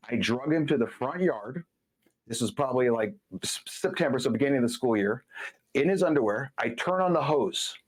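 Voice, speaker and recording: Blunt, emphatic man telling stories. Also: medium pitch. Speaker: podcast guest. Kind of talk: casual podcast conversation.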